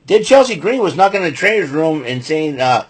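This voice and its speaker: Husky man rambling through a recap. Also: a little high, very animated, brisk. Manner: rambling, full of fillers and restarts, blunt opinions. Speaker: podcast host recapping wrestling. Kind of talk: casual show recap.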